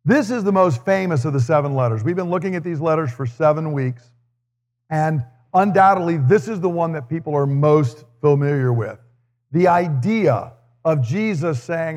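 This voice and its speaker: A man's voice: fairly high pitch, moderate pace, a little mellow, long reverb tail. A man preaching a sermon. He reads scripture, then teaches and explains it earnestly, with a touch of humor. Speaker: pastor.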